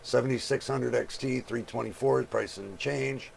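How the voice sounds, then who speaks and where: Male channel host, very gravelly voice, casual price read-through with viewer asides. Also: mid-range voice, steady tone, normal speed. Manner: reads prices aloud, chatty asides to viewers. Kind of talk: casual screen-share commentary.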